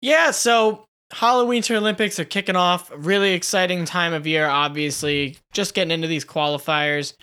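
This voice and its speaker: A man's voice: sits high, steady tone, normal speed, hardly any pauses, sharp tone, smooth. A man co-hosting a comedy podcast in casual chat, playful and jokey, acting out silly quotes. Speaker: podcast co-host.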